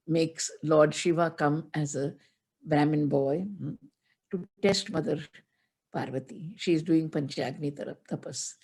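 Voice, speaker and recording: A woman's voice: low-pitched, mellow. Woman teaching scripture. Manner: chants Sanskrit verses, then explains in measured storytelling. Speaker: spiritual teacher. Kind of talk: religious discourse.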